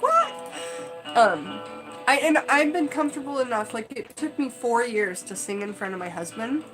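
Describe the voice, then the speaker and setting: A woman's voice: mid-range voice, poor audio. A woman chatting casually on a live stream, rambling with lots of fillers. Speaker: livestream host.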